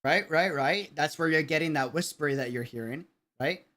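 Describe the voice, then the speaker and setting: A man's voice: fairly high pitch, moderate pace, over music. Man, new york accent, streamer, chatty, loose enunciation, restarts. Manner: rambling, searching for words, many restarts. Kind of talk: casual commentary on a livestream.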